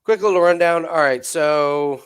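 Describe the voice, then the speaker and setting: A man's voice: a little high, smooth. Rambling male sports-betting co-host. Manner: loose, rambling, quick asides and restarts. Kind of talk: casual sports betting chat.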